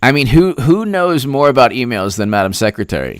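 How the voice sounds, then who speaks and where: A man hosting political commentary, talking with mocking, deadpan sarcasm. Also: medium pitch, fairly quick, dry recording, studio quality. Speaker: host.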